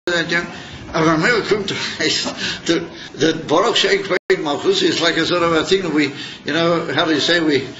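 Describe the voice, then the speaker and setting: A man's voice: fairly high pitch, dull audio, background noise. A man teaching a Torah class in a chatty, searching way, mixing in Hebrew and Yiddish terms.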